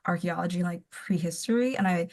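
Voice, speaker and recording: A woman's voice: lowish voice, quick pace, a little mellow. A young woman in her twenties, an author guest on a casual podcast, who rambles and laughs often as she talks.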